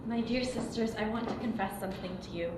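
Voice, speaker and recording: An actress playing a brooding sister confessing a secret, low and hesitant in stage acting, recorded from a distance in a roomy space. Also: female voice, brisk, close to an everyday voice. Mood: confiding. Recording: distant, roomy echo, hiss.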